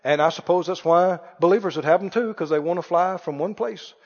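A man's voice: sits high, fairly quick, background noise. A man preaching a sermon in a folksy, joking way, mocking critics with mock wails. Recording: reverberant hall, dull lo-fi sound.

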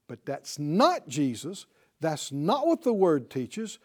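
Guy preaching a bible class, highish voice, all over the place pitch-wise, punchy call and response. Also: wildly swooping pitch, takes it slowly, darkish tone, slightly rough. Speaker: Bible teacher. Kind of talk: exhortational sermon-style class.

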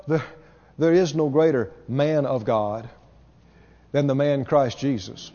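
A man's voice: mid-range voice, steady tone, slow, long pauses, warm tone, in a large hall, lo-fi sound. A man preaching a sermon to a congregation, asking them questions as he goes. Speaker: pastor.

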